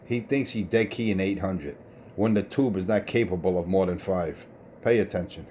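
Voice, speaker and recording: A man's voice: low voice, normal speed, warm tone, slight background noise. A man rants scornfully over CB radio about another operator's gear. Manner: scornful, insulting, technical ranting. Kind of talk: profane CB radio banter.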